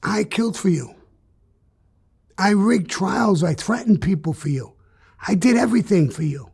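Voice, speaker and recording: Blunt, profane older man, high-pitched. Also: lively intonation, normal speed, creaky, long pauses, darkish tone, husky. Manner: blunt and profane, with emphatic bursts. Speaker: interviewee. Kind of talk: candid interview storytelling.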